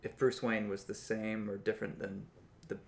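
A man's voice: fairly low pitch, flat delivery, moderate pace, vocal fry. A man co-hosting a casual chat about a cartoon, enthusiastic and easygoing with frequent fillers. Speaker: podcast co-host.

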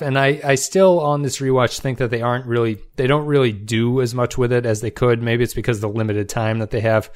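A man hosting a solo review podcast, talking in a loose conversational way with frequent fillers and restarts. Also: medium pitch. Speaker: podcast host.

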